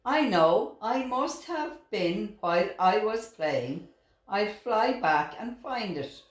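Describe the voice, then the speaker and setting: An older woman voicing a small, tired but determined young female owl in a storybook, speaking brightly and a little plaintively. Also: mid-range voice, lively intonation, slow pace. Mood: wondering. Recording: roomy echoing room.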